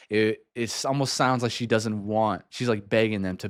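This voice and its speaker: Guy rambling through a music reaction, smooth clear voice, laughs a lot. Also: medium pitch, normal speed, few pauses, no room sound, studio quality. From United States. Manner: chatty, rambling, laughs often. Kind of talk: casual reaction commentary.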